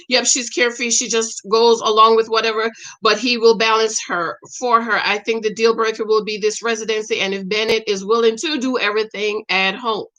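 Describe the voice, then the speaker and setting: A middle-aged woman chats casually about a reality show and greets her regular viewers by name. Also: a little high. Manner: animated, talks back to viewers by name. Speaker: commentary vlogger reading viewer comments. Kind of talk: casual chat.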